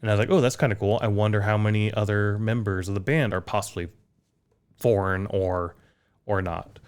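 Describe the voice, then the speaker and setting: A lower-voiced American man talks casually on a podcast. He rambles through his points and makes fun of his own slips. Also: fairly even intonation, brisk, clean tone. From United States. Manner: rambling, self-deprecating, laughs at own slips. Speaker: podcast co-host. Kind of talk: casual chat.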